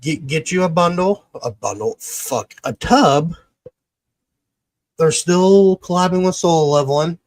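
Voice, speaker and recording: A man's voice: fairly high pitch, unhurried, darkish tone, dry recording. A man hosting a podcast, reading a sponsor plug in a rambling, casual way, swearing and tripping over his words. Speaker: podcast host.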